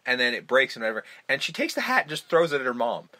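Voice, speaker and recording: A man's voice: mid-range voice, sing-song, racing, bright, forceful tone. A man hosting a casual film podcast, retelling movie scenes with lots of swearing. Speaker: podcast host.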